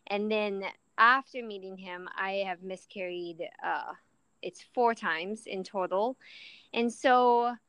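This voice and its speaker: A woman's voice: medium pitch, takes it slowly, a bit bright, smooth, no room sound, rough recording. A woman in her thirties with a mixed Southern and Midwestern accent, chatting as an interview guest and laughing easily. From southern US, Florida. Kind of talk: casual interview.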